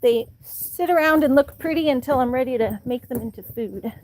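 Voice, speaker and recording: Recorded on a phone with slight background noise, a woman vlogger chats casually outdoors at home, in the yard and street, while coaxing and calling her dogs in high pet-talk. Her voice has a darkish tone and a moderate pace.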